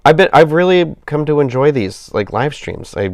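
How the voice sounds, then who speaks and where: A man's voice: medium pitch, sing-song, normal speed, hardly any pauses, no room sound, studio quality. A man with a stuffed-up nose chatting casually on a live gaming stream, rambling and apologetic. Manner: rambling, apologetic, self-deprecating. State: stuffed up with a cold.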